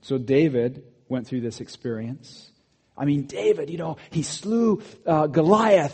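A man preaching a sermon, animated, rising to emphatic peaks and dropping to quiet asides. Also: a little high, measured pace, slightly rough. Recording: long hall reverb.

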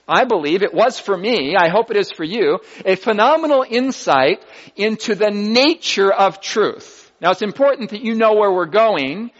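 A man preaching a sermon, teaching deliberately and reading scripture aloud with comments, recorded dull and lo-fi in a hall. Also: sits high, animated, a bit bright.

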